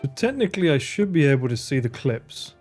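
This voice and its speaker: Lively, sweary male streamer. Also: mid-range voice, brisk, faint music behind. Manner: joking, sweary banter with chat. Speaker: live streamer. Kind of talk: casual live-stream chat.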